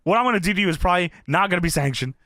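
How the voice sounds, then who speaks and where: A man's voice: high-pitched, lively intonation, very fast, pushed and bright, no echo, clean studio sound. A man doing a brash, cocky male wrestler who swears and threatens opponents during a promo. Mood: cocky threatening.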